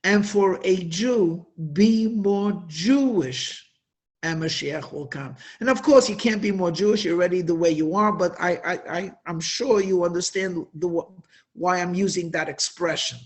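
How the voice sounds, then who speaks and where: A man giving an inspirational religious talk at a Hasidic gathering, telling stories with emphatic, drawn-out stresses. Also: high voice, fairly even intonation.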